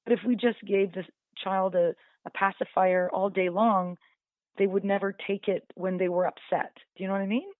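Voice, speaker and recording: A woman's voice: medium pitch, steady tone, moderate pace, no room sound. Chatty woman on a tinny phone line. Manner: chatty, many "you know" fillers, acts out dogs and owners. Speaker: dog trainer guest. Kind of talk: casual radio interview.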